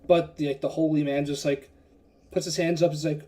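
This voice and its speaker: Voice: medium pitch, flat delivery, brisk, mellow. A game master narrating a tabletop game casually, rambling with many fillers.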